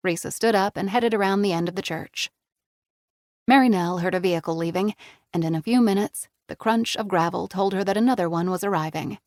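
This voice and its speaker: Woman, audiobook narrator, middle pitch, dry close recording, scripted reading. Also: a little fast, darkish tone, no echo.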